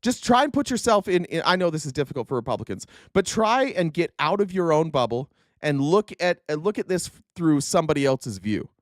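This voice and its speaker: A man's voice: on the high side, sing-song, fairly quick, no echo, clean studio sound. A man hosting a political live stream, ranting angrily with profanity and sarcastic mock impressions. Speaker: political livestream host.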